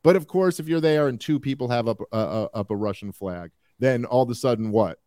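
A man's voice: mid-range voice, brisk, no echo. A man hosting a podcast, talking in loose, rambling bursts, full of fillers and restarts. His voice sits in a middle register, and the sound is dry and close to the mic. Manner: rambling, animated, frequent fillers. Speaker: podcast host. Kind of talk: casual political commentary.

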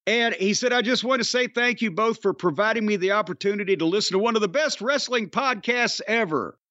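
A man's voice: sits high, a little fast, sharp tone, no room sound, dull audio. A man, hosting a casual podcast with rambling, profane wisecracks. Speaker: podcast host. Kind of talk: casual wrestling podcast banter.

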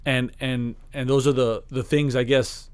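A man's voice: mid-range voice, flat delivery, unhurried, clear, resonant tone. A man co-hosting a podcast, telling a story in rambling casual chat with many restarts. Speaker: podcast co-host.

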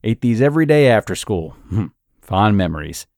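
A man's voice: on the low side, sing-song, moderate pace, a little mellow, no echo, studio quality. A man voicing a cheerful, easygoing male neighbor who loves to bake, chatty and a little evasive. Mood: friendly. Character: friendly adult male neighbor, cheerful baker.

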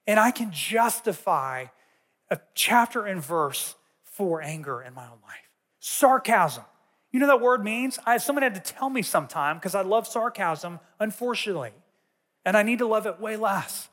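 A man with a fairly high voice gives a sermon in a conversational, storytelling manner. His voice carries a long reverb from a large church auditorium. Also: expressive, moderate pace, fairly bright tone. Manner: conversational, tells personal stories. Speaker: teacher.

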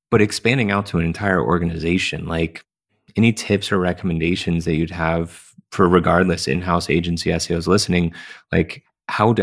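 A man with a very low, gravelly voice hosts a podcast. He asks long, meandering questions in a relaxed way, full of fillers. His voice has a rough fry at the bottom. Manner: casual, rambling questions with many fillers. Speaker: podcast host. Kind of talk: podcast conversation.

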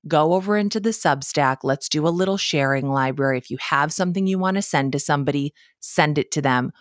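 A woman's voice: sits low, a little fast, no echo, studio quality. A woman with a Midwestern American accent hosting a solo podcast from her home office, chatting in a casual, self-deprecating way and laughing often. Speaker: podcast host.

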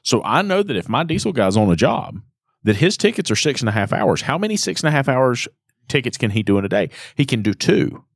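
A man's voice: mid-range voice, very animated, a little fast, gravelly, husky, no echo, clean studio sound. A man talking through repair shop pricing and scheduling, checking in with "right?" after each point. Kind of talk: casual business chat.

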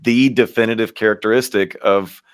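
A man from Kentucky speaks as a pastor being interviewed. His voice sits on the lower side, and he reflects earnestly on his work. He tells his stories with easy humor. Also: fairly even intonation, normal speed, smooth. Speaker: lead pastor and guest. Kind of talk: storytelling interview answers.

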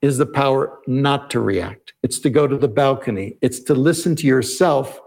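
A man telling a story as an interview guest, explaining in a measured way and voicing his own inner questions aloud. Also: mid-range voice, gravelly, a little mellow. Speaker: podcast guest, negotiation expert.

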